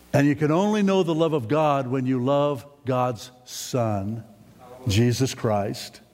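A man preaching a sermon in a folksy, rambling way, often climbing to excited, emphatic peaks. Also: fairly high pitch. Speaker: pastor. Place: church sanctuary. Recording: long hall reverb in a church.

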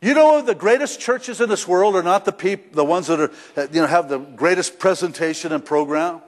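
A middle-aged male pastor preaching a sermon in a church, conversational and emphatic, rising to shouts at times. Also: high voice, a little fast. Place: church sanctuary. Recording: long hall reverb.

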